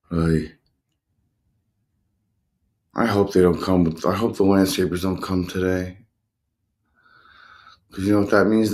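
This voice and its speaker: A man in his fifties hosting a livestream, rambling casually and retelling his own thoughts. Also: low voice. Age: 50s. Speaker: host of a livestream. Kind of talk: casual chat to viewers.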